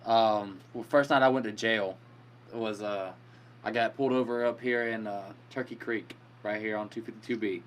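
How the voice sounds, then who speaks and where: A man's voice: lowish voice, steady tone, normal speed, a little hiss or hum. A man telling a profane jail story in casual podcast chat. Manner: laid-back, profane storytelling.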